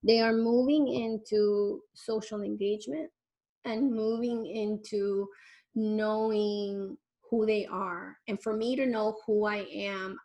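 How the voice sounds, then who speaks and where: A woman in her forties, a parenting educator, giving an online lecture in a lively, conversational way and addressing parents directly with rhetorical questions. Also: medium pitch, slow pace. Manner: animated, speaks straight to parents with rhetorical questions; conversational, with fillers and restarts.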